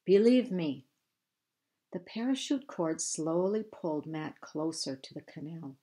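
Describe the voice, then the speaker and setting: A woman reading a children's novel aloud, measured and unhurried, lifting her voice for the characters. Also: low-pitched, animated, warm tone. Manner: slow, measured storytelling with raised voices for dialogue. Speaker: reader.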